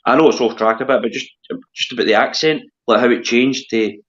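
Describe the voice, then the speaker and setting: A man's voice: medium pitch, fairly quick, fairly bright tone. A Scottish man hosting a casual chat, talking hesitantly and often repeating his words. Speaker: host. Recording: dull lo-fi sound.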